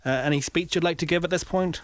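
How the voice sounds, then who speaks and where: A man's voice: on the high side, fast, soft background music. An Irish man hosting a radio show, chatting with callers in a friendly, easygoing, reassuring way. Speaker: radio host. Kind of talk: casual radio banter.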